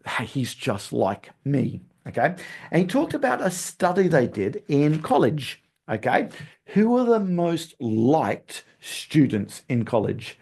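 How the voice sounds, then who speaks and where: A man's voice: a little high, a little mellow. A man hosting a podcast, talking through a recap in a chatty coaching manner and tagging "okay?" onto his points. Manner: laughs at his own stumbles. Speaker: podcast host.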